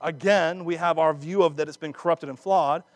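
A man preaching a sermon, acting out scripture dramatically with laughs and quick asides. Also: fairly high pitch, steady tone, no room sound. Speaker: pastor.

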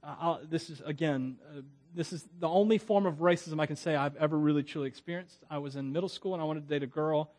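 A man's voice: fairly high pitch, fast, a little mellow. A man from Florida preaching as a pastor, in a conversational, digressive way with frequent chuckles. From Florida, USA. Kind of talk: sermon.

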